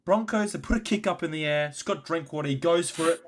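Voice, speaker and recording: A man co-hosting a casual sports podcast, fired up and swearing as he rants, swinging between loud and quiet. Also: on the high side, a little fast, slight background noise. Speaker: podcast co-host.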